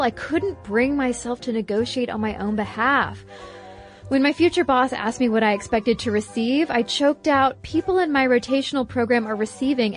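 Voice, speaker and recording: A woman co-hosting a podcast, reading listener mail in a fairly high voice with animated swings of emphasis. Soft music sits faintly underneath. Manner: expressive reading with animated pitch jumps. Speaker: podcast co-host.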